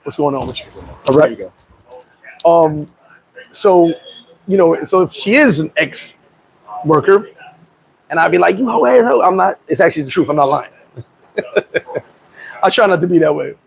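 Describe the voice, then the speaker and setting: American man, livestream host: high, gravelly voice, loose chatty delivery, shout-outs and comment reading. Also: measured pace, pauses often, slight background noise, rough recording. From United States. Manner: reads viewer comments and gives shout-outs; rambling, with frequent restarts and chuckles. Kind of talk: casual livestream chat.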